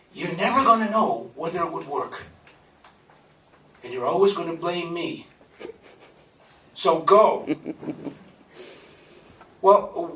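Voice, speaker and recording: Bright-voiced man telling a story. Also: fairly high pitch, slight background noise. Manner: conversational, laughing. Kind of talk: live storytelling. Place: live event venue. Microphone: camcorder from a distance. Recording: roomy, from far off.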